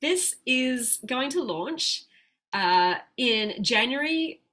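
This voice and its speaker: A woman giving chatty, upbeat health coaching on a live stream, laughing often and slowing down when she explains calm breathing. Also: sits high. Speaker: plant-based health coach.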